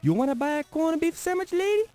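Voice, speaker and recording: A man's voice: very high voice, animated, fast, mellow, faint music behind. An actor playing a pushy, grumpy male street sandwich vendor with a thick Italian accent and broken grammar, in 1990s adventure game voice acting. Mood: hawking. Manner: pushy hawking sales patter.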